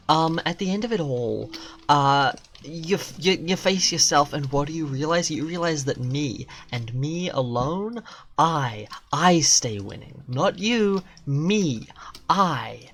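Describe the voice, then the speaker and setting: A man's voice: fairly high pitch, expressive, slow, a bit bright, a little hiss or hum. A young man streaming a game live, rambling and joking in casual chatter, often restarting mid-sentence. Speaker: gaming streamer.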